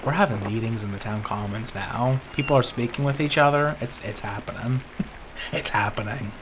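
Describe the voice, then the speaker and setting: A man's voice: medium pitch, normal speed. A man joking and commenting as he plays a story game, with background noise on the recording. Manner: joking, animated, laughs a lot. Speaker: game player. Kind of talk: let's play commentary.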